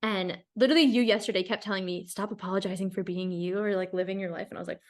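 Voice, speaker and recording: A woman's voice: medium pitch, fast talker. Chatty young woman, casual podcast talk. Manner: chatty, frequent "like" fillers, animated. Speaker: podcast guest. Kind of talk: casual chat.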